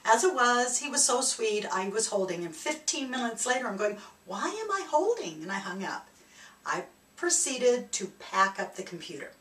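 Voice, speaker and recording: Speaking at normal speed, a woman with a mid-pitched voice shares a reflective story of her own as a spiritual speaker, lively and laughing now and then. The mic sits far from her in an echoing room.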